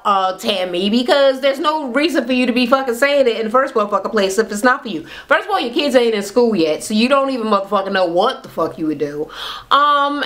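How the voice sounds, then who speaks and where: Blunt, profane woman vlogger, higher voice. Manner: animated retelling, acts out quotes; slangy, conversational. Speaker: reality TV recap vlogger. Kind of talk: casual recap commentary.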